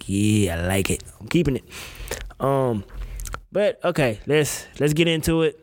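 A man hosting a casual talk show, ranting in an emphatic, profane, slang-heavy way. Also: medium pitch. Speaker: podcast host. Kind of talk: casual opinion rant.

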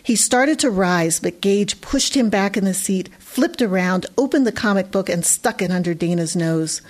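Lively, expressive female audiobook narrator. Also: mid-range voice, normal speed, few pauses.

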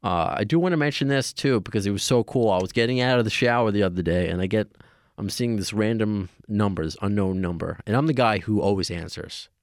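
A man hosting a podcast talks casually, pausing often and filling gaps with little sounds. His voice sits a bit low. The recording is dry and close, with no room echo. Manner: rambling, halting with many fillers. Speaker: podcast host.

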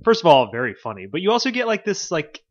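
A man co-hosting a podcast in casual chat, animated and quick to laugh. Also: sits high, lo-fi sound. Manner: animated, laughs often, quotes scenes in put-on voices. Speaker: podcast co-host.

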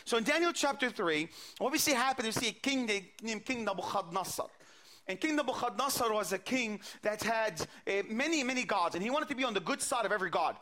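A man's voice: very high-pitched, bright, forceful tone. A man preaching a sermon, retelling a scripture story with quoted dialogue and frequent repeated words.

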